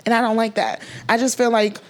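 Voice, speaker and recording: A woman's voice: on the high side, fairly even intonation, fairly quick. A young woman co-hosting a casual chat, frank and emphatic, with slangy asides. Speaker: podcast co-host.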